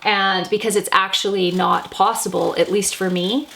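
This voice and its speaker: A hoarse, gravelly woman homesteader talking casually to camera, rambling and thinking out loud. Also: mid-range voice, fairly even intonation, normal speed, a little hiss or hum. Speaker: homesteader and prepper. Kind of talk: casual vlog talk to camera.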